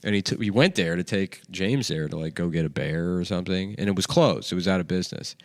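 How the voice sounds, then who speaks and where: A man's voice: low voice, fast talker, no echo, clean studio sound. A man hosting a comedy talk show, telling rambling, profane stories and acting out what people said. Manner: rambling, profane, acts out quotes. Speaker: comedy podcast host. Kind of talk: casual banter, storytelling.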